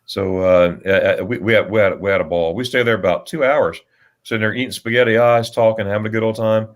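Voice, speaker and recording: An American man with a fairly low voice hosts a relaxed livestream, rambling through stories at a brisk clip. He stops and restarts often and uses plenty of fillers.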